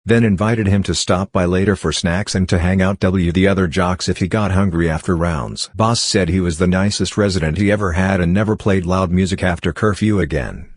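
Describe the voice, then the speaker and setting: A man narrating online stories aloud in a steady, even reading voice. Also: deep voice, fairly quick, few pauses, no echo, clean studio sound.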